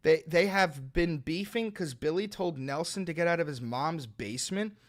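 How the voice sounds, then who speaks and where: A man's voice: fairly high pitch, animated, normal speed. A man streaming live, ranting at his chat in an exasperated, heavily profane way. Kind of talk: live-stream reaction talk.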